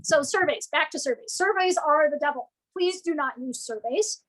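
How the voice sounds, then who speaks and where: A woman giving a lively, playful presentation to business owners, often acting out what customers might say. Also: high voice, normal speed, poor audio.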